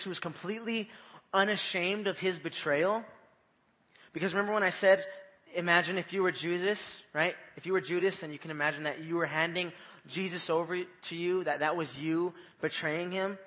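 A man gives an evening sermon in a casual, conversational way, often repeating himself and asking the listeners questions. His voice is bright and slightly high. It carries the long reverb of a large hall. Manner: conversational, repeats phrases, asks the audience questions. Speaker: preacher. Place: church.

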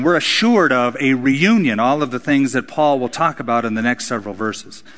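A man's voice: mid-range voice, a bit bright. A man preaching a sermon, his voice rising and dropping for emphasis. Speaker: pastor. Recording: hall reverb.

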